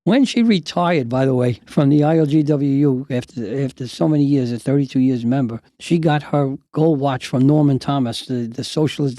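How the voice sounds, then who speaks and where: A man's voice: medium pitch, no echo. Older man telling family stories. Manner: animated storyteller who acts out family anecdotes. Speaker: podcast host. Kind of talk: storytelling.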